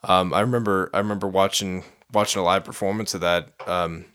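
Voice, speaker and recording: A young man co-hosting a podcast, rambling and excitable in casual chat, swearing often. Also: low-pitched, brisk, clear, resonant tone. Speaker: podcast co-host.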